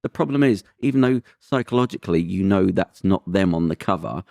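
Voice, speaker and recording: A man with a very deep voice, hosting a relaxed podcast conversation. He tells rambling stories with emphatic bursts, recorded in a dry, close setting. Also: a little fast, gravelly, no room sound. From Britain. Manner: rambling, emphatic, animated storytelling. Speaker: podcast host. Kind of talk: casual chat.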